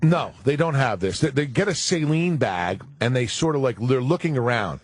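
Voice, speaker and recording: A middle-aged former football player, a guest on a talk show, telling a crude comic story in an animated, profane way and acting out the other people in it. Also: male voice, mid-range voice, moderate pace, no echo, studio quality.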